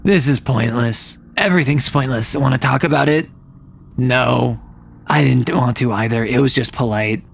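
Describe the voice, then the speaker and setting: A man voicing a gloomy, depressed male ogre who talks in a low, quiet deadpan. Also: normal speed, creaky, slight background noise, natural voice.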